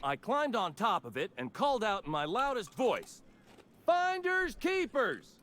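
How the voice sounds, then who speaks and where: A man's voice: sits high, very animated, moderate pace, fairly bright tone. An actor voicing a petty, hotheaded male junk salvager in a video game, with a whiny, indignant manner. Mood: blustering.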